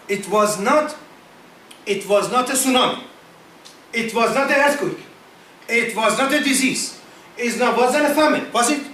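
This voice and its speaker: A man speaking to a gathering of scholars in broken English. He asks many rhetorical questions, repeats phrases, and chants quick Quranic verses in Arabic. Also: very high-pitched, a bit bright, a little hiss or hum. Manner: non-native broken English. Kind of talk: impassioned speech to an audience. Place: meeting hall at a community centre. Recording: echoey hall, voice from far off.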